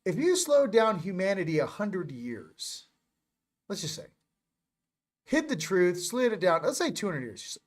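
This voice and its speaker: A man's voice: high voice, very animated, measured pace. A man hosting a casual morning chat, joking and rambling as he goes. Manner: joking, rambling, self-interrupting. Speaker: host.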